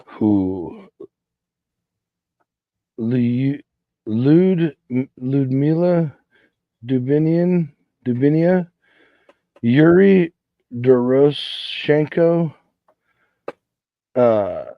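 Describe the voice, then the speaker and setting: A man co-hosting a podcast, reading hard names in a halting way and stumbling over them. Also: medium pitch, lively intonation, no room sound, phone-quality sound. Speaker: podcast co-host. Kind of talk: casual chat, reading names aloud.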